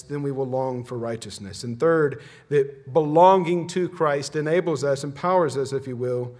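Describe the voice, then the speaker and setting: A man from the Ozark region, a pastor preaching a sermon with measured phrases that fall to a hush at their ends. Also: a little high. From Ozark region, USA.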